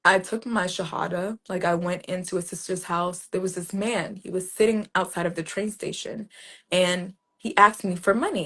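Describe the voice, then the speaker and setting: A woman's voice: on the low side, fairly even intonation, moderate pace, a bit bright, husky. A woman poet being interviewed, telling a personal story in a casual, earnest way, with many "like"s and restarts. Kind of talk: reflective conversational storytelling.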